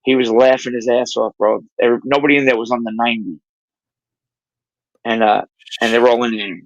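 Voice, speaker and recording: A man hosting a casual livestream chat, telling profane, animated stories. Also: mid-range voice, fast, no echo, low-quality recording. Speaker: host.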